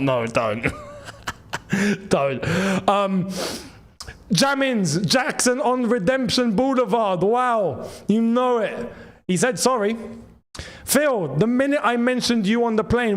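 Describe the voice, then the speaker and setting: Excitable football fan, losing his voice. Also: high-pitched. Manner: excitable, shouts and laughs at the action. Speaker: football watchalong host. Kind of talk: live match reaction.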